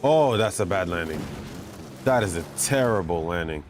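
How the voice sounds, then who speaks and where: A man giving chatty, self-mocking commentary while playing a racing game, getting excited when he pulls ahead. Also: low voice, normal speed. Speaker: gamer commentating his play. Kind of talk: casual gameplay commentary. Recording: game engine noise behind voice. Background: racing game car sounds.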